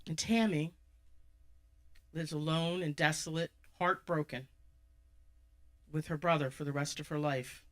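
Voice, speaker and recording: A speaker at a live charity event retelling a Bible story in a conversational way, with shifts in pace and loudness and asides to the audience. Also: medium pitch.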